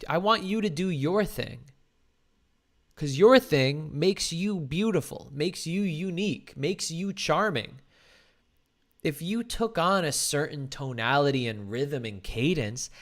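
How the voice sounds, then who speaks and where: A man's voice: on the high side, a bit bright. A man hosting a podcast, reacting to video clips with blunt, dismissive commentary and frequent swearing.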